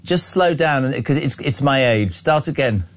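A man's voice: medium pitch, lively intonation, normal speed. A man, hosting a breakfast radio show in a brash, joking, blunt way. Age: 60s. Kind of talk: casual radio chat. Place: radio studio.

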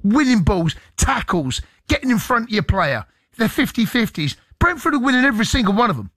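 A man co-hosting a football phone-in, emphatic and animated. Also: very high voice, brisk, no echo, studio quality. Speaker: radio pundit.

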